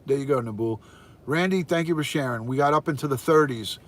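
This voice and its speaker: A man's voice: medium pitch, brisk. An older American man hosting a casual live stream from his phone, cheerfully greeting viewers by name and calling out the viewer count. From United States. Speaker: livestream host, retired detective.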